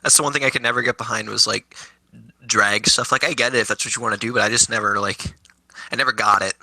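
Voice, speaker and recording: A man's voice: lowish voice, steady tone, fast, vocal fry, bright, forceful tone, low-quality recording. A man as a guest in a casual chat, blunt and casually swearing, with many hesitant fillers.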